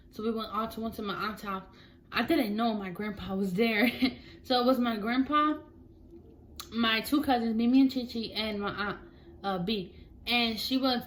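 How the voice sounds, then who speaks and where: A woman's voice: medium pitch, a bit bright, slight background noise, rough recording. A young woman telling a chatty storytime vlog, acting out her family members' voices as she goes. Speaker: vlogger.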